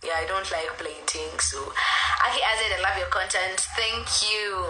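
A woman's voice: mid-range voice, unhurried, music in the background. A young woman, chatting casually on a live stream, reading comments aloud and apologizing, with a sore throat. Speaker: livestreamer. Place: alone at home, indoors. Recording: echoey room.

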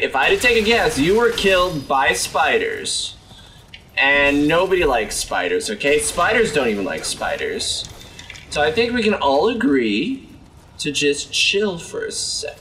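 Animated young man joking through a game. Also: unhurried, distant mic, a little hiss or hum. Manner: jokey, talks to game characters, lively swings in pitch. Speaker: gaming video host. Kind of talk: let's play commentary.

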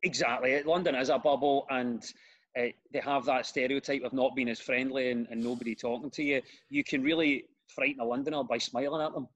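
A middle-aged Glaswegian man, a comedian and radio host, chatting as a podcast guest and telling animated stories with lots of restarts. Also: medium pitch, brisk, dull audio. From Scotland. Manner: animated storyteller, repeats words when starting sentences. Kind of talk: casual interview chat.

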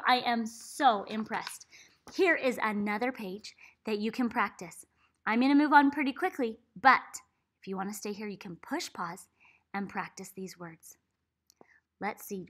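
A woman reads a picture book aloud to young children, sounding out each letter slowly and cheering every word. Her high, clear voice leaps up and down with animated excitement. She gasps and praises like a warm-hearted teacher. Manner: big excited praise, gasps and swoops up in pitch. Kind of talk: read-aloud phonics lesson for kids.

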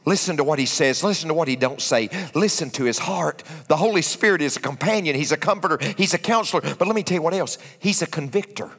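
A man preaching a sermon, swinging from hushed asides to shouted lines. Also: a little high, animated, quick pace, few pauses, breathy edge. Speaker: pastor. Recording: echoey church hall.

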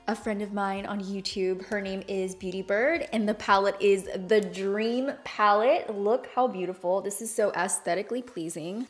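Young woman vlogger, excitable and chatty, mid-range voice, casual tutorial delivery. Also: medium pitch. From Hispanic background, speaks without Spanish accent. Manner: bubbly, enthusiastic, chatty. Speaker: beauty YouTuber. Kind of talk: makeup tutorial talk.

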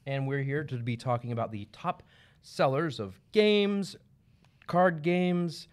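A man's voice: on the high side, takes it slowly. A man hosting a livestream, running through a list of best-selling games in an upbeat, joking way. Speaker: host. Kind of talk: livestream product rundown.

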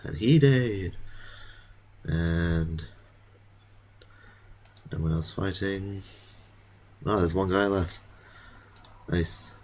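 Low-voiced man, slow gaming commentary. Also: a little mellow, highs cut off. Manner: vague put-on accent, drifting between German and Irish; dry muttering with sudden high-pitched outbursts. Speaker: let's play gamer. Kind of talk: casual gameplay commentary.

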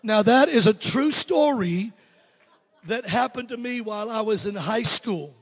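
A man's voice: high voice, lively intonation, a little slow, big-room sound. A man in his fifties with a Southern accent, an evangelist preaching a humorous story to his congregation and joking with the crowd. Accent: Southern American. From Alabama. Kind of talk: sermon storytelling. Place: church sanctuary.

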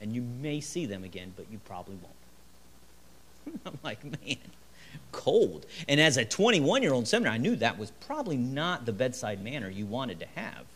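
A man's voice: medium pitch, quick pace, hardly any pauses, slight background noise. A middle-aged male pastor preaching a midweek sermon in a church, telling stories with acted-out quotes and chuckles. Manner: lively, storytelling delivery with chuckles and acted quotes. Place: church sanctuary.

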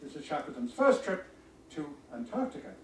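A man giving a history lecture with slides, halting often with ums and restarts. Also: fairly high pitch, sing-song, slight background noise. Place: lecture room. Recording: echoey room, voice from far off.

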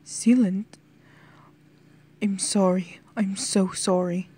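A woman's voice: mid-range voice, fairly even intonation, a little slow, mellow, close to an everyday voice. A woman voicing a distraught young man, a personified nation, who stutters and pleads tearfully. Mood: sobbing.

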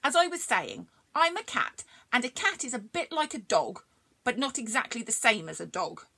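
A woman's voice: a little high, big pitch swings, moderate pace, pushed and bright, voice pushed up, heavily acted. A woman voicing a playful, talkative young male cat in a storybook reading. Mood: chirpy. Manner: giggly, talkative, explaining.

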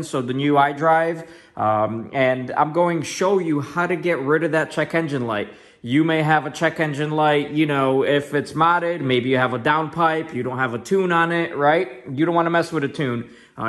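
A man's voice: fairly high pitch, fairly bright tone. Sarcastic man hosting a car vlog. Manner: sarcastic, joking; chatty with many fillers. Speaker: car channel host. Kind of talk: casual tutorial vlog.

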